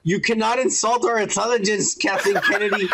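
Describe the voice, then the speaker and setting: High gravelly man ranting casually. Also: fairly quick, heavy background noise. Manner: animated, ranting, acts out quotes. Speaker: podcast co-host. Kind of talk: casual profane review chat.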